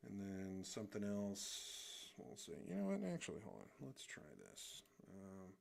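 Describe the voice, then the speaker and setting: Gravelly, animated man, casual goofy streamer talk. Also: fairly low pitch, a little slow, a little hiss or hum. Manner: goofy, rambling, hums while drawing. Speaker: streamer and artist. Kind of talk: casual live drawing stream. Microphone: desk microphone.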